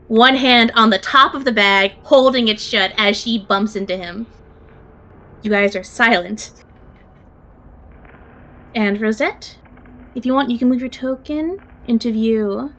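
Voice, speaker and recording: A woman game master narrating a tabletop game at an unhurried, deliberate pace, casually dropping swear words as she sets each scene. Her voice sits at an ordinary middle pitch. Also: fairly bright tone, rough recording.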